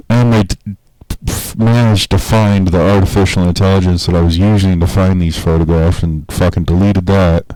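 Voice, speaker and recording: A man's voice: deep voice, dark tone, no echo, poor audio. A man telling a rambling, profane story in casual talk, laughing at his own tale and acting out quotes in a raised voice.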